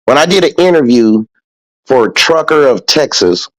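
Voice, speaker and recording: A man's voice: medium pitch, animated, moderate pace, no echo, low-quality recording. Profane, emphatic male podcast host. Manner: profane, preachy, emphatic with repetition. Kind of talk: casual motivational podcast talk.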